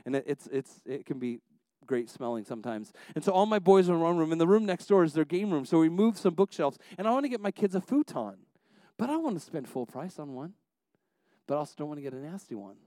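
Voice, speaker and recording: Fairly high-pitched and lively, this pastor talks fast through a sermon built on family stories, captured with no echo. He restarts often and swings from quiet asides up into fervent exhortation.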